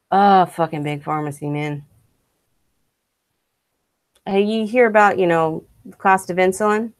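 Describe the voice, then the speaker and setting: A young woman streaming and venting her opinions, blunt and quick to swear. Her voice sits a little low and sounds mellow, and the recording is dry and close, with no room sound. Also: no echo. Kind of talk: casual rant while streaming.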